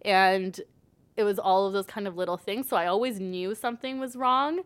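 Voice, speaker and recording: A woman's voice: medium pitch, moderate pace, clear, resonant tone. Chatty young woman, "like" every phrase. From Canada. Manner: chatty, says "like" constantly, acts out quoted dialogue. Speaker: podcast guest. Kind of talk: casual storytelling chat.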